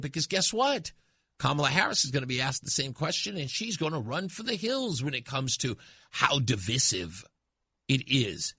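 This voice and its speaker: A man hosting a talk radio show, giving emphatic, impassioned commentary that swings from loud to hushed. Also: on the high side, creaky, breathy edge, dry recording, studio quality.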